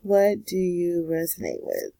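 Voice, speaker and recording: A woman's voice: on the low side, wildly swooping pitch, measured pace, vocal fry, dark tone, dry recording, poor audio. A woman giving a casual pick-a-card astrology reading, with sassy, slangy, direct advice. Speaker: tarot and astrology reader.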